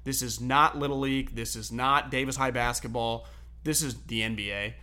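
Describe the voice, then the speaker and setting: A man hosts a sports talk show, telling stories in a loose, animated, profane style and laughing often. His voice is medium in pitch and he talks at a normal speed.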